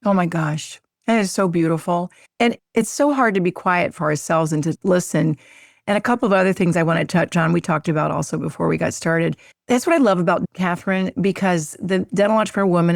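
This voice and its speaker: A woman hosting a podcast in casual conversation, effusive and gushing, quick to laugh. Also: lowish voice, vocal fry, no room sound, clean studio sound. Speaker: podcast host.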